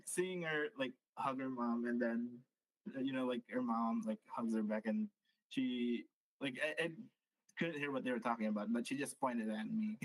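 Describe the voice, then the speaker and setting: Halting man, chatty, laughs a lot. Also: medium pitch, no echo, poor audio. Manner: halting, many fillers, laughs often. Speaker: radio talk show co-host. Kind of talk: casual chat.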